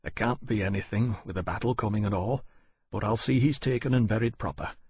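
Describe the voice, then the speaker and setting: A male narrator plays a rough, working-class dragon handler in an audiobook, speaking softly in plain, rough diction. The voice is husky and low. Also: fairly quick. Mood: tender.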